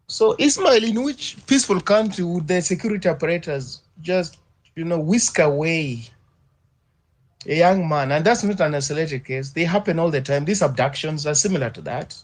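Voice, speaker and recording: A man on a discussion panel, arguing forcefully with repeated rhetorical questions. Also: fairly high pitch, animated, normal speed. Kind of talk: impassioned debate argument.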